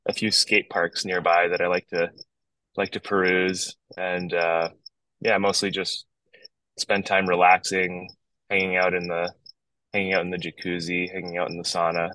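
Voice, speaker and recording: A very low-voiced man from Northern Ontario in a relaxed, rambling podcast chat, often restarting his sentences. He talks from his backyard over a video call. The sound is dry and close. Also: moderate pace, dry recording, poor audio. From Northern Ontario, Canada. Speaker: guest musician.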